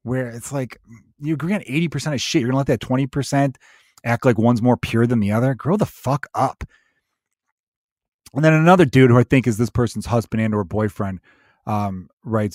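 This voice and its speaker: A man's voice: mid-range voice, expressive, brisk, no room sound. Profane, ranting male podcaster, dry sound. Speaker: podcast host. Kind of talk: solo podcast rant.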